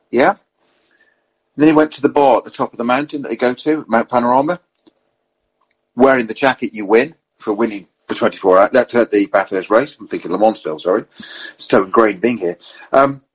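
Husky-voiced man telling racing stories. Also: mid-range voice, low-quality recording. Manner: lively storyteller acting out quotes. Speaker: podcast panelist and racing driver. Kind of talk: anecdotal motorsport chat.

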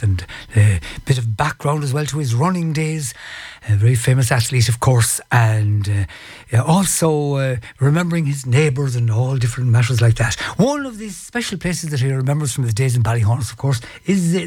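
A man presenting on radio, summarising an interview in a halting way. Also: mid-range voice, a little mellow, no room sound. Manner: halting, filler-heavy summary.

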